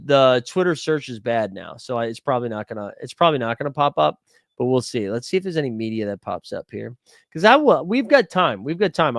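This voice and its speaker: Searching for something on his live stream, a young host chats and jokes with his viewers in a loose, rambling way. His voice is creaky and medium in pitch, and the recording is clean studio sound without echo.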